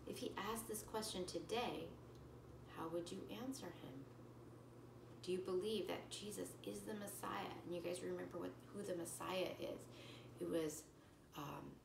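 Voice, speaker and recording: Woman teacher, lowish voice, slow careful scripture reading, set back from the mic in a roomy space. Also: creaky, noisy background. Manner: slow, careful reading with pauses, then plain explaining with fillers. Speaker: religion teacher. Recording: echoey room, voice from far off the mic.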